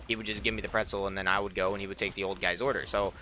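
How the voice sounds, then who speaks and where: A man's voice: low voice, little pitch movement, very fast, pushed and bright. A young man telling a rambling, chatty story while playing a game, with faint game music behind him. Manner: rambling, chatty, acts out quoted people. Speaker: let's play host. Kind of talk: casual storytelling over gameplay.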